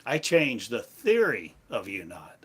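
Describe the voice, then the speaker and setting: A man giving a slow, meditative sermon in halting, repetitive phrases, like an incantation. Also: medium pitch, huge pitch swings, a bit bright, husky. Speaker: spiritual teacher.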